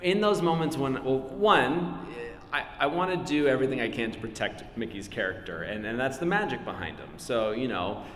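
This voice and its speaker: A man's voice: mid-range voice, expressive, normal speed, few pauses, a bit bright. A middle-aged man and voice actor answering questions at a live convention panel, chatty and self-deprecating, laughing often. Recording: echoey hall with faint crowd ambience.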